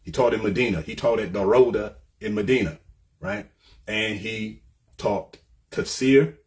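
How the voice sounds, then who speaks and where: A man's voice: on the low side, unhurried, a little mellow. A man giving an informal lecture, explaining point by point and often checking in with "right?". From United States. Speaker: commentator.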